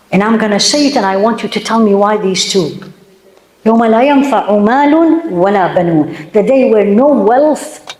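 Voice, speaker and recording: A woman lecturer giving a religious talk to a gathering of women, emphatic, asking her audience many questions and reciting Arabic verses quickly between her English. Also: mid-range voice. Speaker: Islamic lecturer. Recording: echoey room.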